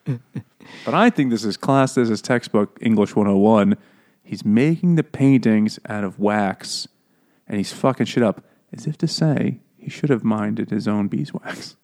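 A man's voice: fairly low pitch, a little slow, a little mellow. A man co-hosting a casual comedic book chat, joking, laughing often and acting out characters' lines. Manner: jokey, laughs often, acts out quotes. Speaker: podcast co-host.

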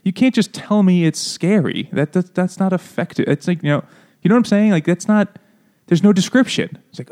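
A man's voice: high-pitched, animated, fairly quick, a little mellow. A man co-hosting a casual book club podcast, retelling the story with joking mock quotes. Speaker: podcast co-host.

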